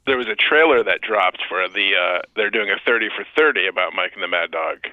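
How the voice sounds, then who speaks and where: A man's voice: deep voice, a little fast, dry recording, phone-quality sound. A man who is a guest on a podcast, telling sports stories animatedly and acting out the quotes. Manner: animated storyteller, acts out quotes. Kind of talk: casual sports chat.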